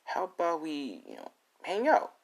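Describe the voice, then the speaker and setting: A man voicing a devoted teenage anime girl in a high, earnest voice while retelling a fan story. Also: wildly swooping pitch, moderate pace, vocal fry, exaggerated voice, low-quality recording. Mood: hopeful.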